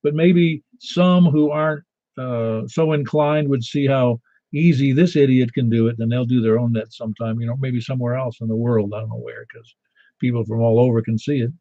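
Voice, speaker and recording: An older man from Niagara Falls, New York, running a ham radio net and chatting easily with callers, poking fun at himself as he tells stories. His voice is mellow and relaxed, set in a dry room with nothing behind it. The audio sounds a little dull and lo-fi. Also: mid-range voice, moderate pace, no room sound. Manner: chatty, self-deprecating storyteller with restarts. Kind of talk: casual on-air radio chat.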